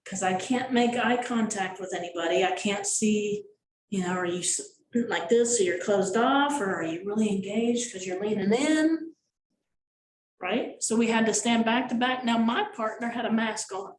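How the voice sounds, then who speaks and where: A fairly high-voiced woman coaches a small group in a meeting room. She is animated and acts out gestures and little voices. She is picked up from a distance in an echoey room, with faint noise underneath. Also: moderate pace. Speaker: sales coach.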